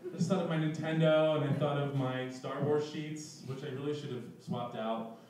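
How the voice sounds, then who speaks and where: Young male storyteller, slightly high voice, self-mocking, giggly; very echoey room, mic far away. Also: fairly even intonation, moderate pace, crowd noise. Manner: self-mocking, laughing through his lines. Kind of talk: live personal storytelling. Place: live event room.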